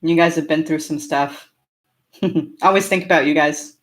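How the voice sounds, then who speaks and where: This homesteading channel host, a Californian woman with a slight rural American twang, runs a relaxed live-stream Q&A. Her low voice holds a steady tone at normal speed, and she stays chatty and upbeat, frequently laughing between answers to chat.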